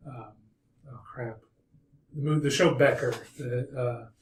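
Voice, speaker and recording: A man's voice: mid-range voice, fairly even intonation, slow pace, far from the mic. A man playing in a tabletop game, chatting casually and searching for words. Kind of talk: casual podcast chat. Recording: echoey room, off-mic.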